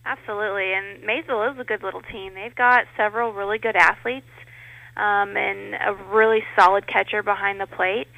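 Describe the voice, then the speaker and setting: Gravelly woman coach on a phone line. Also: mid-range voice, a little fast, no room sound. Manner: relaxed, matter-of-fact recap with fillers. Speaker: head softball coach. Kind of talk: phone-in radio interview.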